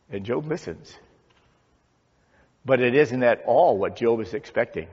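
Man, pastor, sermon, dramatic pauses, dull recording, reverberant sanctuary. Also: mid-range voice, expressive, a little mellow, breathy edge. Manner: slow, dramatic pauses and swelling emphasis. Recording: dull sound with long church reverb.

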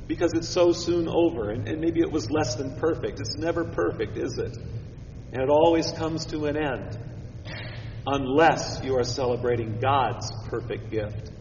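A male pastor preaching a sermon, shifting from hushed, quiet phrases to emphatic, lifted ones. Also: a little high. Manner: expressive, swings from hushed to emphatic. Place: church sanctuary. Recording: echoey church hall from far off, dull sound, faint hiss.

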